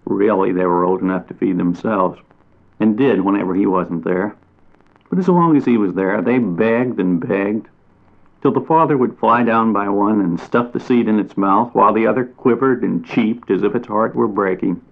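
A man reading a children's storybook aloud in a gentle, unhurried way, lingering on descriptive phrases. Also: on the low side, vocal fry. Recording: tinny phone-like audio.

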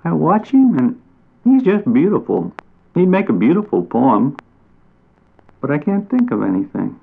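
A man's voice: fairly high pitch, wildly swooping pitch, unhurried, vocal fry, husky, voice pushed up, heavily acted. A man voicing an earnest young male bat poet who sounds perplexed and frustrated. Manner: plaintive and frustrated. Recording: tinny phone-like audio.

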